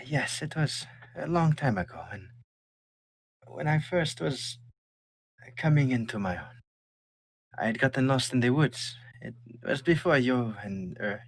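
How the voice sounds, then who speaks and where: A man's voice: mid-range voice, husky, no echo. A man running a tabletop game as game master, rambling with many fillers.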